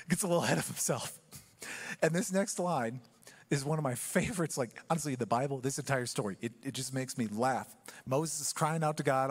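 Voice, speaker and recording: A man preaching a sermon in church, telling the story with humor and acting out quick asides. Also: fairly high pitch. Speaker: pastor.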